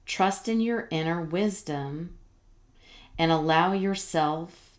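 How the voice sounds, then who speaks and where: Slow, low-voiced woman reading tarot. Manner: rambling, reassuring, many fillers and restarts. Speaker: tarot reader.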